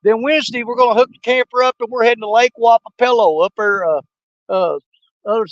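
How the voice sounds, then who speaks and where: High-voiced older man, dry sound. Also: brisk, dry recording, dull audio. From Missouri, United States. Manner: folksy, joking, laughs often. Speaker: fishing livestream host. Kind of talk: casual live-stream chat. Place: outdoors on a river.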